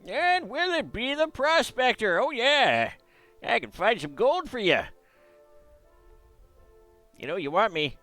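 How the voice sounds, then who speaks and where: A man's voice: very high-pitched, sing-song, takes it slowly, pauses often, sharp tone, dry recording, soft background music, voice pushed up, full character voice. A man voicing a grizzled old gold prospector with a twangy, folksy drawl. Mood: coaxing.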